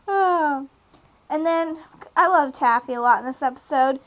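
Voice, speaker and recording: A woman's voice: sits high, a bit bright, low-quality recording. A young adult woman co-hosting a casual podcast about a TV show, rambling with lots of fillers and laughs. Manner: rambling, giggly, many fillers. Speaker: podcast co-host. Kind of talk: casual chat recapping a TV episode.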